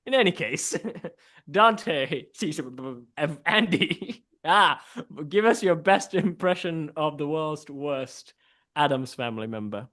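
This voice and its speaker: A man's voice: a little high, lively intonation, slow pace, a bit bright. Playful man hosting an improv game. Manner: playful, trailing off into laughter. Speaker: improv host. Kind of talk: hosting an online improv game in costume persona. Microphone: video call.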